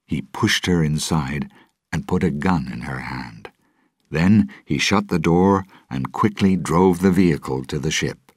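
A man reading a storybook adventure aloud in a measured, dramatic way. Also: rumbling low, slightly rough, dry recording, clean studio sound. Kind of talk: storybook narration.

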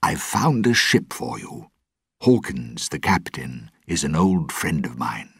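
A man's voice: rumbling low, very animated, slow, slightly rough, no room sound, studio quality, full character voice. A man voicing a worried middle-aged colonial governor who is protective of his daughter, speaking urgently. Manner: urgent, pleading.

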